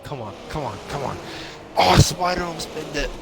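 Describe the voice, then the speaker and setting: A man's voice: a little high, lively intonation, normal speed, creaky. Young male co-commentator, casual banter, hiccupping, laughs a lot; noisy feed. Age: young adult. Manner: jokey, swears, laughs often. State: has hiccups. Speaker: race commentator. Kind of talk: casual sim racing commentary.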